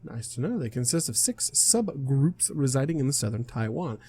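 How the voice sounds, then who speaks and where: A man's voice: medium pitch, big pitch swings, normal speed, dark tone, slightly rough. A young man casually reading a visual novel aloud, stumbling and correcting himself as he goes. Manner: casual, stumbles over words, laughs and self-corrects. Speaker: game streamer reading aloud.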